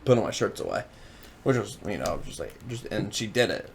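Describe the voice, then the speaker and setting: A man's voice: on the low side, animated, brisk, gravelly, slight background noise. A young man co-hosting a podcast, chatting casually, rambling through stories with lots of fillers and frequent laughs. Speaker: podcast co-host. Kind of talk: casual chat.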